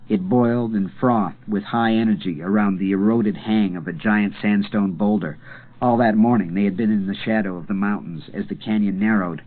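A man reading a novel aloud in a measured, dramatic narration with slow pauses. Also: on the low side. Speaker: audiobook narrator. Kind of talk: scripted narration. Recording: tinny phone-like sound.

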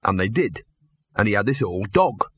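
A man's voice: lowish voice, big pitch swings, normal speed, a bit bright, breathy edge, no room sound, full character voice. A man voicing a scruffy, streetwise talking dog who grumbles and drawls in working-class dialect, read from an audiobook. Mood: boastful.

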